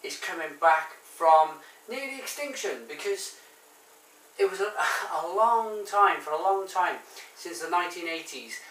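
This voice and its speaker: A man's voice: sits high, animated, unhurried, fairly bright tone, far from the mic. A man with a Barry Welsh accent, reviewing a bottled beer in a chatty, rambling way full of ums and restarts. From Wales. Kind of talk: casual review to camera. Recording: echoey room, voice off-mic.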